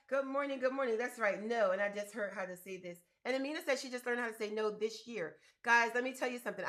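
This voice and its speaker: A woman's voice: medium pitch, fairly bright tone. A woman in her fifties hosting a casual livestream for viewers, talking emphatically and repeating her key words. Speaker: business coach and livestream host.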